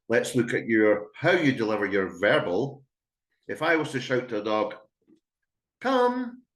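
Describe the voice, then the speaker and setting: A man's voice: lowish voice, echoey room. A Scottish man working as a dog trainer, giving a chatty, emphatic webinar talk to a live audience and acting out calls to a dog. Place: indoor room with an audience.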